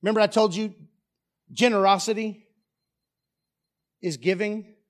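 A pastor with a notably high voice preaches to his church. He drives his points home with repeated rhetorical questions and forceful emphasis. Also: steady tone, measured pace. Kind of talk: sermon. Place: church sanctuary.

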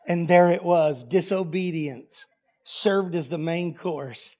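A middle-aged man preaching in a relaxed, homespun way, full of wry humor. His voice sits high for a man. He tells family stories as sermon lessons. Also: slow pace. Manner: folksy, plainspoken and humorous. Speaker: pastor. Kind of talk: storytelling sermon.

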